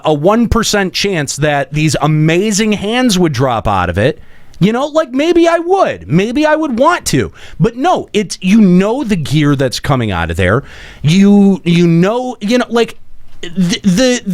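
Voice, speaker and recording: A man's voice: high voice, no room sound. A man hosting a casual gaming podcast and taking calls, talking emphatically with lots of restarts and the odd swear word. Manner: animated, emphatic, swears freely, many restarts. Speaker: podcast host.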